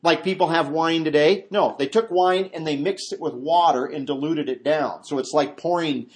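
A man's voice: on the high side, normal speed. A man preaching a verse-by-verse Bible study, talking conversationally and jumping his voice up to act out quotes. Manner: animated, acts out quotes in a raised voice; conversational asides and restarts. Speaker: pastor.

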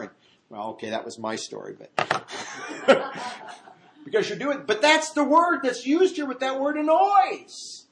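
A man preaching a verse-by-verse Bible study, talking conversationally and jumping his voice up to act out quotes. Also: sits high. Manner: animated, acts out quotes in a raised voice; conversational asides and restarts. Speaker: pastor.

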